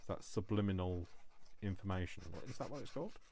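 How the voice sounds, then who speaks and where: A man's voice: low voice, a little fast, warm tone, a little hiss or hum. A man hosting a casual crafting vlog, joking with himself and scolding himself by name as he works. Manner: jokey, self-mocking, chuckles. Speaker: crafting channel host.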